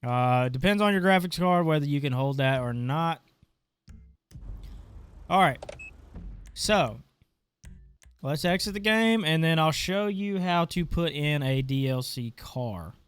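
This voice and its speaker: Clicking through settings in a casual screen-recorded tutorial, a gaming channel host chats offhandedly with a stuffy, congested voice. It's fairly high and animated with a clean tone, unhurried and full of pauses.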